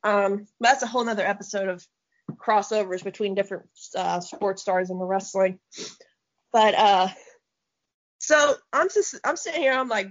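A woman co-hosting a podcast, talking in a blunt, profane and animated way in casual chat. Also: high voice, measured pace, lo-fi sound. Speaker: podcast co-host.

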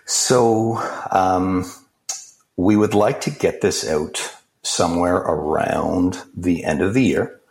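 A man being interviewed as a crypto project founder, talking in a measured way with many fillers and restarts. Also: low voice, gravelly, a little mellow. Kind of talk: interview answers.

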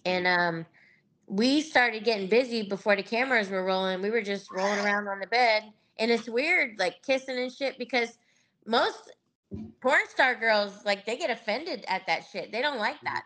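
A woman's voice: on the high side, moderate pace, fairly bright tone. A middle-aged woman telling candid stories as a podcast guest, laughing often and acting out what others said. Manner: candid, laughing, acts out quoted voices. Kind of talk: casual interview storytelling.

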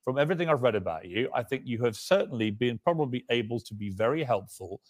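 A man conducts an interview in a measured, probing tone and presses his guest with questions. The voice sits dry and close to the mic. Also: mid-range voice, expressive, no room sound.

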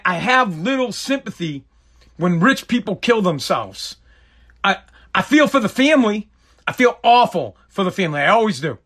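Bright high-voiced man ranting profanely. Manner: profane, heated, animated ranting. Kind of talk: comedic rant.

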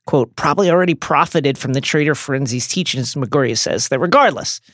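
A man's voice: mid-range voice, fairly quick, a bit bright, no room sound, clean studio sound. A man co-hosting a podcast, narrating a scripted recap with reflective commentary and wry humor. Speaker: podcast co-host.

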